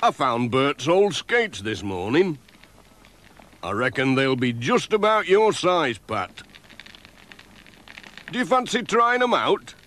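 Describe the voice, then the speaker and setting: A man's voice: on the high side, big pitch swings, slow pace, long pauses, fairly bright tone, heavily acted. A man voicing a jovial, generous village handyman in a children's cartoon. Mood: hearty. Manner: hearty and generous. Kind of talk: children's animation voice acting.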